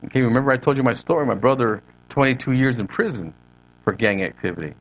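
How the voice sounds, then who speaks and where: A man's voice: mid-range voice, quick pace, highs cut off. A man preaching a sermon as a pastor, telling a story conversationally to his congregation.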